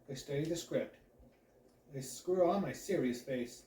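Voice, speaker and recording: A man hosting a channel, reading a children's novel aloud in an expressive storytelling voice. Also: on the high side, moderate pace. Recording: echoey room, mic at a distance, faint background hiss.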